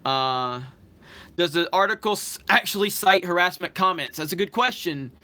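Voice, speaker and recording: Man, live stream host, casual chat, bright tone, slightly high voice, reads out viewer comments. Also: moderate pace. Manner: thanks viewers and reads their comments aloud.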